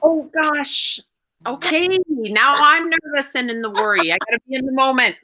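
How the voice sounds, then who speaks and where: A woman's voice: high voice, normal speed, sharp tone, a little hiss or hum. A woman hosting a video-call interview, effusive and emotional as she gushes. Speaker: wellness coordinator, host.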